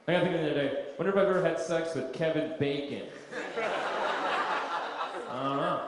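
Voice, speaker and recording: Stand-up comic man in an echoey club. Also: medium pitch. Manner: deadpan storytelling with absurd punchlines. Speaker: stand-up comedian. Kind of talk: stand-up comedy set. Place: comedy club stage before a live audience. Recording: echoey club with crowd laughter. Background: audience laughter.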